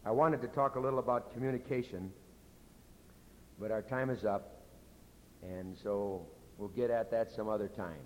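A middle-aged pastor preaching in a church, earnest and conversational, going soft and low when he tells of his own mistakes. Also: fairly even intonation, moderate pace, pauses often. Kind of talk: sermon. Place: church sanctuary. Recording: echoey hall with faint rumble.

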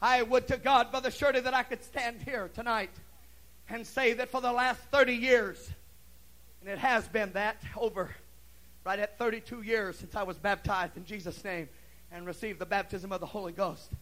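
A middle-aged preacher with a very high, bright voice, delivering a fervent sermon. He is folksy and talky, crying out praise and then dropping to near-quiet asides. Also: steady tone, moderate pace, poor audio. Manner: impassioned preaching, swinging loud and soft; folksy, repeats "Hallelujah" and "Praise God". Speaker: pastor.

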